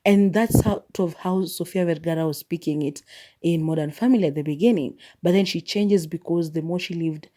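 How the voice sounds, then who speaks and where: Woman, podcast host, casual solo musing, rambling, laughs often, lowish pitch. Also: brisk, mellow. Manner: chatty, rambling, laughs often, many fillers.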